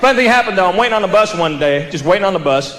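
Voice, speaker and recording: Southern guy doing standup, high voice, deadpan drawl, echoey club, crowd laughing, some noise. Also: rapid-fire. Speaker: stand-up comedian. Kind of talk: stand-up comedy. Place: comedy club stage before a live audience. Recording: roomy live venue with audience laughter.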